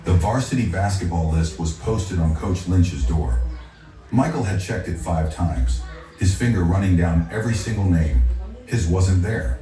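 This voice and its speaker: A man narrating a scripted story in a steady, dramatic way. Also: low-pitched, a little slow. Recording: echoey, distant, faint music.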